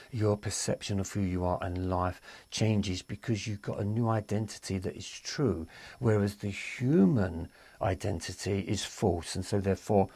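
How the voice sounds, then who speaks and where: A low-pitched man with an East London accent and a gravelly edge, talking in loose, rambling live-stream chat. He repeats himself and drifts between thoughts. The sound is dry and close. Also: mellow, dry recording. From East London, England. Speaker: spiritual reader and live-stream host.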